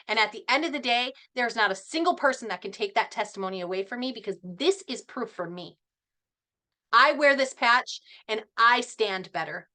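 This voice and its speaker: A middle-aged woman speaking at a team meeting, animated and passionate, laughing often as she talks. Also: a little high. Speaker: network marketing team member.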